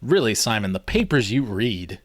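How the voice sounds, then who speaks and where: Man doing sarcastic bored young man, dry, dismissive, lively inflection, dry close recording. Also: lowish voice, normal speed, dry recording. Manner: dry, sarcastic, mock-astonished.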